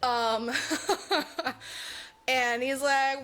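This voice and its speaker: A woman with a high voice draws out her words as she co-hosts a podcast. Recapping a movie, she's casual, expressive and foul-mouthed, acting out what the characters say.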